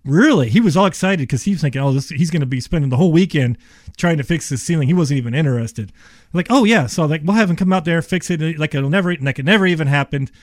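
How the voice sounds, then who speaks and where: A man's voice: on the high side, fast, no room sound, clean studio sound. A middle-aged contractor man telling rambling work stories as a radio guest, full of quoted dialogue. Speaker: attic service contractor guest. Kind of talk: casual storytelling on radio.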